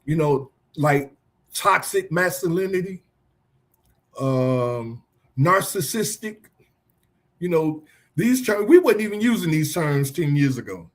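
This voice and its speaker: Husky, lively male podcast host. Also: a little high, slow, pauses often. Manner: laughs often, teasing, loose and conversational. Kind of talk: casual talk show chat.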